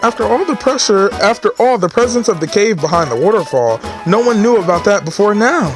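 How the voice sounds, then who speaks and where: A man's voice: high-pitched, animated, fairly quick, music in the background, pitched above the performer's own voice. A man voicing a fussy, pompous male bird who serves as a guild assistant, talking in a prim, officious, lecturing way.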